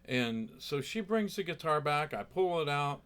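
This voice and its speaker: A man's voice: fairly high pitch, expressive, a little slow, fairly bright tone, clear, resonant tone. A man who plays guitar telling a story in a rambling, chatty way, full of asides. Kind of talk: casual storytelling.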